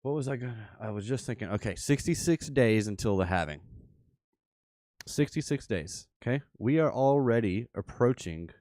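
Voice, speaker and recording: A man with a Memphis Southern accent giving casual live commentary over trading charts, rambling and thinking aloud with excited asides. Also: medium pitch, a little fast, few pauses, no room sound, studio quality. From Memphis, Tennessee. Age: adult father. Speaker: crypto streamer.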